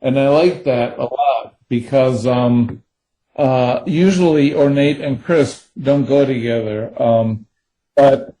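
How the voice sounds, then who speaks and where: A man's voice: mid-range voice, takes it slowly, mellow, poor audio. A man, a thriller co-author, answering interview questions in a rambling way with many fillers.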